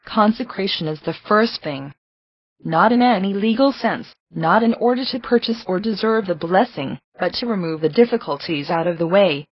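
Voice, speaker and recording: A woman reading a devotional book aloud in a measured, earnest and reverent way. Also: mid-range voice, husky, no echo. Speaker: reader. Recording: slightly dull, lo-fi recording.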